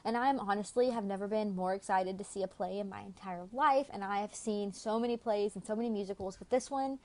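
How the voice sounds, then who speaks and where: A woman's voice: medium pitch, fairly quick, a little mellow. Young woman YouTuber, casual storytelling voice, talkative with frequent fillers. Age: young adult.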